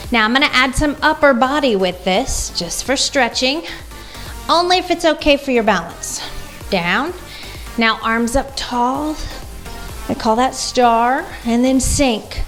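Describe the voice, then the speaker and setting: A woman leading a guided workout class as fitness instructor, coaching moves and counting reps aloud. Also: high voice.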